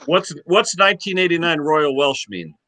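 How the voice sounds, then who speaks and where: A talkative man who tells stories and keeps asking questions, his voice bright and lively as it rises and falls. The sound is close and dry, with no room around it. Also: a little high, normal speed, no echo. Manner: talkative, storytelling, asks many questions. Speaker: guest in chat. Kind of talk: casual chat.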